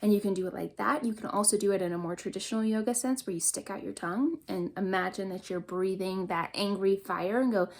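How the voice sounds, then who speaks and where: A woman's voice: mid-range voice, darkish tone. Earnest woman leading a mindful workshop. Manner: earnest, encouraging, demonstrates exercises aloud. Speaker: parenting workshop host. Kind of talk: instructional workshop talk.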